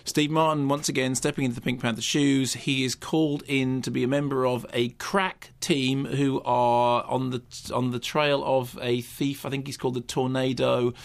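A man reviewing a film on a radio show, talking fast and rambling with many restarts. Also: mid-range voice, little pitch movement, creaky. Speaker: film critic.

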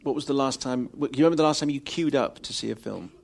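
A man hosting a live show, brisk and teasing, wrapping up with his guest. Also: mid-range voice, vocal fry, a little mellow. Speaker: host.

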